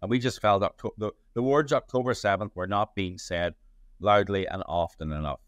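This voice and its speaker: A man's voice: lowish voice, normal speed, clear, resonant tone, no echo, clean studio sound. A man, a journalist answering interview questions in a rambling way, full of restarts and fillers. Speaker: journalist and playwright.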